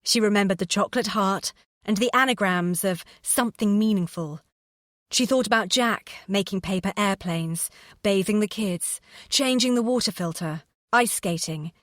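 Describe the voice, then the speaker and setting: A woman narrating an audiobook with steady, expressive storytelling on a close microphone. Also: medium pitch, dry recording. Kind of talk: scripted narration.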